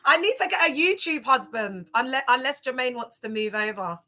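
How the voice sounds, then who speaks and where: A woman chatting casually on a livestream, animated and chatty, reacting to viewer comments. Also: high-pitched, normal speed.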